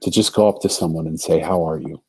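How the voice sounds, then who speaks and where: Low husky man telling a story. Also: fast talker, dark tone. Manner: earnest storyteller acting out quoted voices. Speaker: podcast guest. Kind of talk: storytelling in a conversation.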